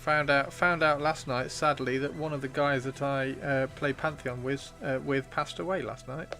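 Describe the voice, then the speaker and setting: A man's voice: medium pitch, fairly even intonation, moderate pace, bright, forceful tone. A man streaming live, chatting casually and joking as he reads out viewer messages, his throat a bit worn from talking. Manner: chatty, joking, self-mocking. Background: faint video game music.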